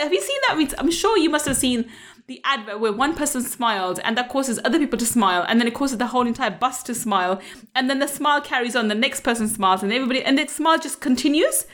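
Middle-aged woman motivational coach, high bright voice, upbeat, laughs easily, keeps asking "right?". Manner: upbeat, laughs often, repeats rhetorical questions. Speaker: money coach. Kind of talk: motivational talk to camera.

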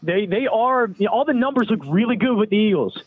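A man's voice: high-pitched, lively intonation, fast talker, slightly rough. A man with a Philadelphia accent breaking down a football matchup as a guest analyst, thinking aloud with some filler words. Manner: thoughtful, hedging with filler words. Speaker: radio show host as guest. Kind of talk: sports betting analysis. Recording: dry tinny phone line.

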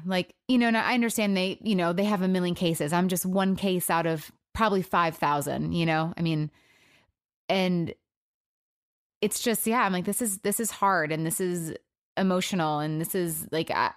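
A woman hosting her own podcast alone, speaking in an emotional, subdued way, halting, with many fillers and restarts. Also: on the low side, no echo, studio quality. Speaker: podcast host. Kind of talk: personal solo podcast talk.

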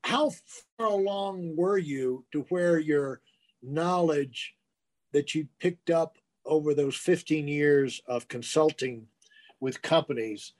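A male podcast host asks his guest long, winding questions and restarts as he goes. He throws in the odd quick joke. His voice is a bit high for a man. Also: darkish tone. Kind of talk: interview questions.

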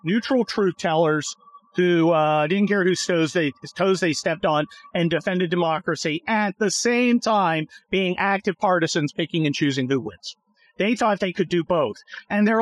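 A podcast host records from his car, ranting sarcastically and swearing at traffic in casual chat while driving. His voice is high-pitched and a little slow, with no room sound on a low-quality recording.

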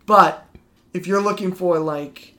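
A man's voice: high-pitched, takes it slowly, sharp tone. A man co-hosting a podcast, talking casually and enthusiastically about comics, rambling with frequent restarts and fillers. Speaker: podcast co-host.

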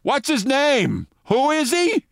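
A confused, forgetful mayor , as a man puts him on mumbles in short, repeated bits, the voice dropping low and then jumping high in bewilderment. The sound is dry and close, with no room around it. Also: sing-song, gravelly, dry recording, exaggerated voice. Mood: bewildered. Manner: halting, mumbled, repeating himself. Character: befuddled forgetful middle-aged male mayor.

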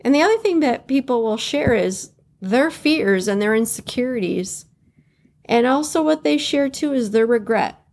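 A woman's voice: on the high side, expressive, normal speed, darkish tone. A woman hosting a motivational podcast on her own, talking in a candid, blunt way, acting out what other people say and laughing often. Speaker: podcast host. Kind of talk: motivational solo podcast talk.

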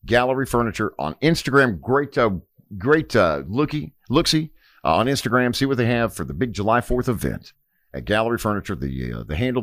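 A man's voice: lowish voice, dry recording. A man co-hosting a radio podcast from a studio. He reads sponsor spots and banters casually, rambling with many fillers and restarts.

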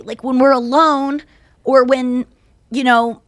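A woman's voice: high-pitched, takes it slowly, no echo. Chatty woman podcast host, dry sound. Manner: rambling, animated storytelling with many fillers. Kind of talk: casual chat.

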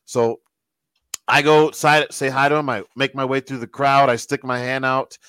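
Animated man telling a story, dry sound. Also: mid-range voice, moderate pace, clear, resonant tone, no echo, poor audio. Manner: animated storyteller who quotes other people. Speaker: guest telling a backstage story. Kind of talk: casual anecdote.

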